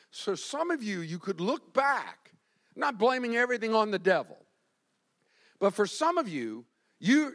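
A man's voice: high voice, a bit bright. A male pastor from Florida preaching a sermon, telling stories animatedly with self-deprecating humor.

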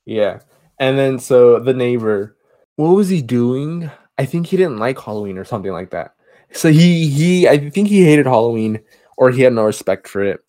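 A man's voice: mid-range voice, expressive, warm tone, dry recording. Casual man recapping a movie. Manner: rambling retelling with quick acted quotes. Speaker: podcast co-host.

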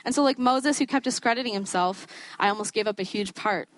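A woman's voice: mid-range voice, fairly quick, no room sound. Young woman, student preacher, chatty sermon, laughs often, dry recording.

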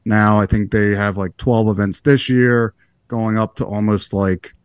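A young man in his twenties, a golfer being interviewed, telling stories in a relaxed, rambling, self-deprecating way. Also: on the low side, unhurried, smooth, no room sound, clean studio sound. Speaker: guest golfer. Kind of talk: casual interview storytelling.

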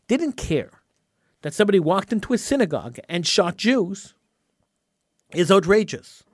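A man's voice: sits high, dry recording, clean studio sound. A man hosting a talk radio show, delivering an indignant monologue and often repeating words as he gets worked up.

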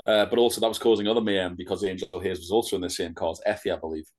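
A man's voice: sits low, racing, a little hiss or hum. A man co-hosting a podcast in casual chat, joking dryly and hesitating with fillers. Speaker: podcast co-host.

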